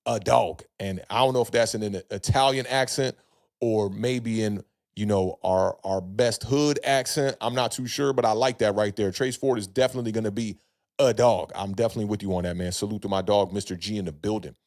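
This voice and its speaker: A man's voice: on the low side, fairly even intonation, fairly quick, darkish tone. A young man hosting a casual livestream sports chat. He reads chat comments aloud, greets chatters by name, and hedges with plenty of fillers. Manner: laid-back, hedging, many fillers, greets chatters by name. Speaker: podcast host reading live chat.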